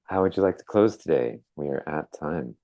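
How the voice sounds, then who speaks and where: A man's voice: very deep voice, animated, a little fast, warm tone, no echo. A man co-hosting a conversation, giving brief, easygoing prompts and affirmations. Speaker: co-host. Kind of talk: casual conversation.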